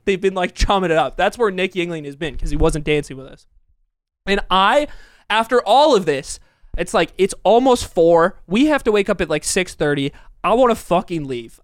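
A man's voice: high voice, no room sound, studio quality. A young man co-hosting a podcast, telling a rambling story with lots of laughs and swearing. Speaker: podcast co-host. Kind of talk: casual storytelling.

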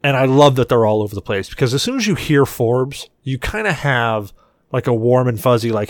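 A man's voice: mid-range voice, animated, a little fast, dry recording, clean studio sound. A man hosting a podcast in crude casual chat, rambling, enthusiastic and full of swearing. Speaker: podcast host.

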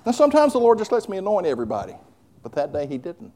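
A man's voice: high-pitched, wildly swooping pitch, fast talker, warm tone. A male preacher delivering a fervent sermon, moving between conversational asides and hollered declarations.

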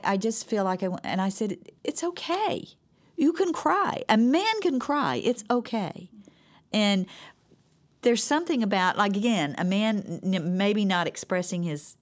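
A middle-aged woman in a faith-based conversation, telling her grief story earnestly and haltingly. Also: deep voice. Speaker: co-host sharing grief experience.

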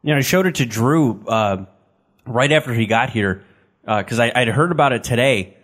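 A man with a mid-range voice chimes in on a casual sports podcast. He talks in a relaxed, unhurried way, posing questions to the others. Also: mid-range voice.

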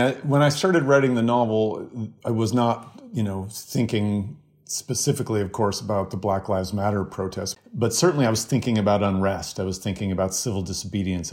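A man, a novelist, reading from his novel in a steady, measured voice and then chatting in an interview. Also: on the low side. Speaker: novelist guest.

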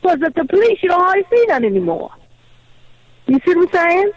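A woman calling a talk radio show, telling her story in an animated, indignant way. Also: extremely high pitch, a little fast, dry recording, lo-fi sound. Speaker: caller.

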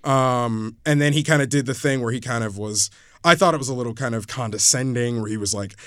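A man's voice: mid-range voice, fairly quick, a bit bright, smooth, dry recording, clean studio sound. A man co-hosting a casual sports talk show, often restarting sentences as he recounts what coaches said. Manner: hesitant restarts, recounting quotes. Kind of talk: casual sports podcast debate.

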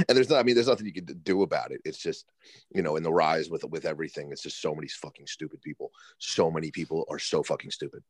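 A man co-hosting a casual sports podcast, ranting in halting bursts with lots of repeated words. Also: rumbling low, no room sound. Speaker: podcast co-host.

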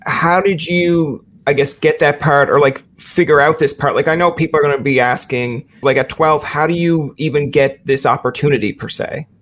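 A man's voice: a little high, fairly even intonation, normal speed, hardly any pauses, fairly bright tone, slight background noise. A male podcast host asking rambling, hesitant questions in a casual interview.

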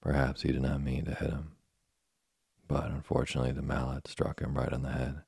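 Male bedtime narrator: ultra-low, flat, husky, soothing. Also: dry recording, clean studio sound. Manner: slow, soothing, even delivery. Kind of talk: sleep story reading.

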